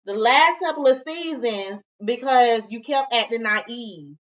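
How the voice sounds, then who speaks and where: A high-voiced woman recaps and judges what happened in a casual, outspoken way. Her voice is set back from the mic, and the recording sounds dull and muffled. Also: far from the mic. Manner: outspoken, retelling scenes with quick comments. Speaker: co-host of a reality TV review show. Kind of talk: casual chat.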